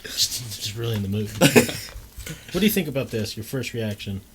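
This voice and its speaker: Teasing man with an animated voice. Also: fairly low pitch, normal speed, heavy background noise. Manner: teasing, laughs between lines. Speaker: podcast co-host. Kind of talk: crude casual banter.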